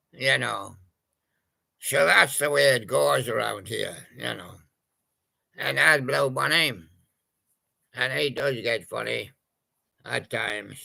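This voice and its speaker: Brief: gravelly, bright-edged male storyteller, slow and meandering. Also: medium pitch. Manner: rambling and hesitant, full of pauses. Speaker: toy-story narrator. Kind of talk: casual improvised storytelling with toys.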